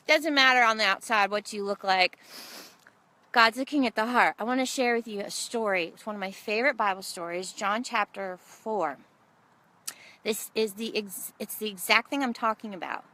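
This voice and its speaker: Bright, animated woman preaching. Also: fairly high pitch. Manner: animated storytelling, acts out quotes. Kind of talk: sermon.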